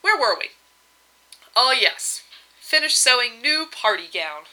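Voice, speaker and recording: A woman reading aloud, voicing a regal goddess wife who is doting but reproachful, in a bright voice. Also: a little high, very animated, a little slow, voice pushed up, full character voice, low-quality recording. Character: regal goddess wife, fussy and sweetly demanding.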